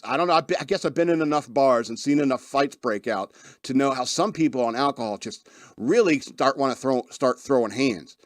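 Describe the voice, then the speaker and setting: A man's voice: medium pitch, no room sound, studio quality. A man hosting a radio podcast in a casual monologue, rambling and laughing often as he acts out the people he describes. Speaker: podcast host.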